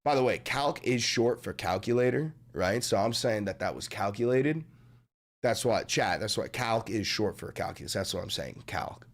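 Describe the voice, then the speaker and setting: A young man live-streaming in casual, profane chat, his voice deepened after a sickness, rambling and swinging from mumbles to shouting. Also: moderate pace. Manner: animated, rambling, swears a lot, swings from mumbling to yelling.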